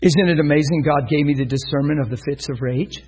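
A man preaches, working through a story and bringing it to life by acting out its voices. His voice is husky, a little breathy, and sits somewhat high for a man. He is telling a story from the pulpit. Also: brisk, darkish tone, poor audio. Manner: storytelling, acts out voices in quotes. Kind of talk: sermon.

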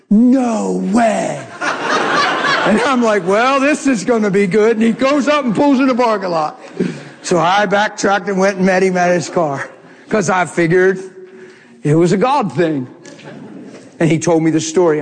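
A man telling a story in a sermon, animated and laughing often as he talks. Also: sits high, moderate pace. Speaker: preacher. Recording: long hall reverb.

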